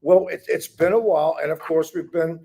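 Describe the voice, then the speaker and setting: Male host, raised pitch, gravelly, husky, casual chat, affirming. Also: fairly even intonation, fairly quick, warm tone. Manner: affirming, laughs along.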